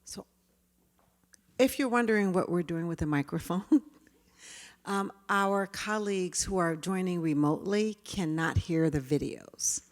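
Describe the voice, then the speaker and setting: Woman presenter, low-ish voice, lively with the audience, reverb of a hall. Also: a little slow. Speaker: workshop presenter. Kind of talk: interactive talk.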